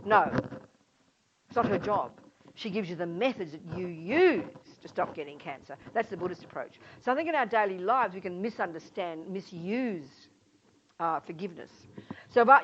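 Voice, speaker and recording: A Buddhist nun teaching a class in an informal, emphatic way, often acting out little scenes as she explains. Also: mid-range voice. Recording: dull lo-fi sound, faint noise.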